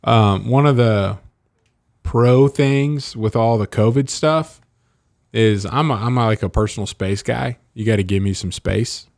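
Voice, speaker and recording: A man, co-hosting a podcast in casual chat and telling animated stories. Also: fairly low pitch, a little slow, vocal fry, no echo, studio quality. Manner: animated storyteller, laughs a lot. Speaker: podcast co-host.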